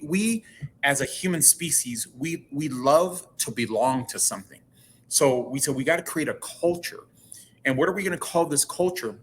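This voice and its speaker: A man's voice: on the high side, slight background noise. A man speaking as a guest in a casual interview, earnest and often repeating and restarting his words.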